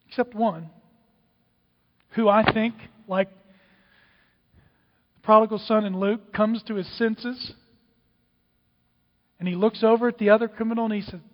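A man preaching a sermon, dramatic, swinging from loud outbursts to hushed whispers. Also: high-pitched, a little slow, pauses often. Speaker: pastor. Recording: dull, with long hall reverb.

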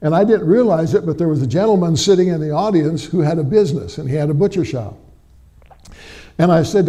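A man's voice: fairly high pitch, a little fast. A middle-aged man preaching a sermon to a church congregation, folksy and chatty, peppering his talk with amens and questions to the people. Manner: folksy, warm storytelling with frequent amens and tag questions to the congregation. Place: church before a live congregation.

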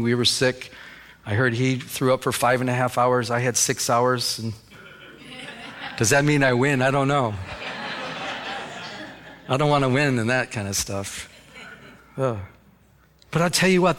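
A middle-aged man preaching a sermon as a pastor, conversational and animated, often restarting his words as he tells stories. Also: medium pitch. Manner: conversational, animated storytelling with repeated word restarts.

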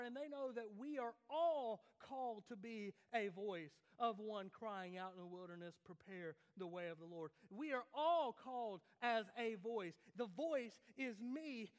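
Male pastor, high voice, lively sermon delivery, reverberant sanctuary. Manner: conversational preaching with repeated restarts, rising and dropping sharply for emphasis. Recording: long hall reverb.

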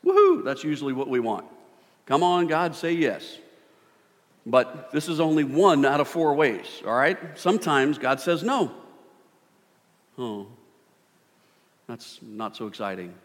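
A middle-aged man preaching a sermon, animated, swinging from loud bursts to hushed tones. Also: mid-range voice, a little slow, long pauses. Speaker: pastor. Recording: long hall reverb.

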